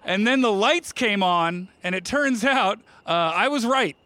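A man's voice: high voice, animated, a little slow, noisy background. A middle-aged man from New Jersey doing a stand-up routine on a comedy club stage, telling self-mocking stories with playful asides to the crowd. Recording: live stage mic with audible room ambience.

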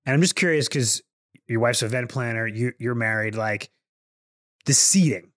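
A man's voice: medium pitch, moderate pace, no echo, studio quality. A man in his thirties co-hosting a casual podcast, asking questions and laughing often. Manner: lively, laughs often, asks follow-up questions. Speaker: podcast co-host. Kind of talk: casual chat.

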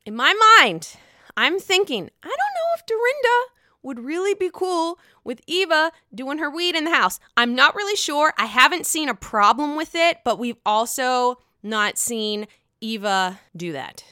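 A young woman chats through a reality-show recap with sass and plenty of swearing, acting out the cast's lines. Her voice is bright and smooth, with lively swings in pitch. The sound is dry and close. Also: no echo. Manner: gossipy, sassy, swears freely, acts out quotes. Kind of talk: casual chat.

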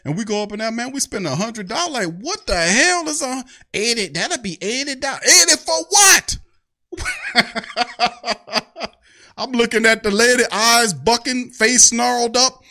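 A man's voice: very high voice, big pitch swings, a little slow, bright, forceful tone. A man hosting a fan show, ranting in an angry, profane way. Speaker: sports fan show host. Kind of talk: heated fan rant.

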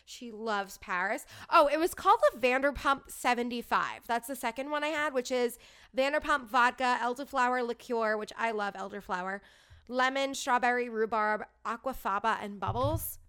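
A woman in her thirties tells a story in a chatty, casual way, her voice slightly high, fairly bright, clear, and resonant at a moderate pace. She's bubbly and gushing, using "like" constantly.

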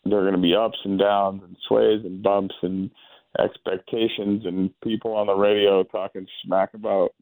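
A man who played pro baseball, a guest giving thoughtful, halting answers in a casual interview. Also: fairly low pitch, level tone, a little mellow, no room sound, low-quality recording. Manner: thoughtful, halting, restarts phrases.

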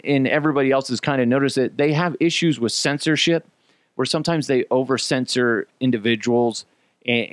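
A man hosting a podcast in casual opinion talk, animated and profane, drifting between tangents. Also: medium pitch, no echo. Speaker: podcast host.

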